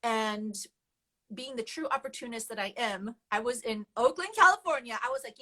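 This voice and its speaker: A woman shares her life story as a guest, speaking candidly and with animation. Her voice sits a bit high, and she often laughs as she talks. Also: moderate pace, pushed and bright, poor audio. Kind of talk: personal testimony storytelling.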